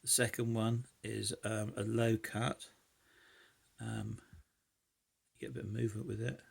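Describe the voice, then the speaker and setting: A lockpicking hobbyist vlogger casually demonstrates picking a lock, thinking aloud with many hesitant fillers. His voice is fairly low, level in tone, gravelly and slightly rough, and he speaks a little slowly.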